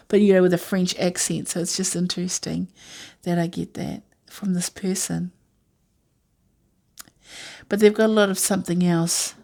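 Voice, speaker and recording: A woman's voice: mid-range voice, fairly even intonation, normal speed. A woman giving a casual intuitive tarot reading, musing aloud with many fillers and asides. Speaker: tarot reader.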